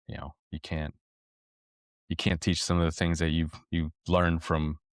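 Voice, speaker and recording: A man's voice: extremely low pitch, little pitch movement, a little slow, smooth, no room sound, clean studio sound. A man co-hosting a podcast, chatting casually and telling easygoing family anecdotes. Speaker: podcast co-host. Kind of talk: casual chat.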